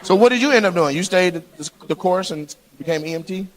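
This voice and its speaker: A man's voice: sits high, animated, a little fast. A male stand-up comedian doing crowd work on a club stage, brash and teasing, often laughing as he talks. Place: comedy club stage before a live audience. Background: audience laughter and clapping.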